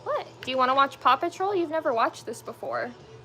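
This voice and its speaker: A woman's voice: high voice, lively intonation, a little fast, bright, forceful tone, a little hiss or hum. A young woman at home chatting casually with viewers while doing her makeup, rambling with lots of fillers. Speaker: lifestyle livestream host.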